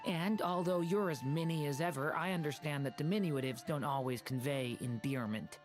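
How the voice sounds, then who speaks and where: A man's voice: fairly high pitch, moderate pace, faint music behind, lightly acted. A man voicing a young dragon in human form in a game, speaking politely and formally. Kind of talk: game voice acting.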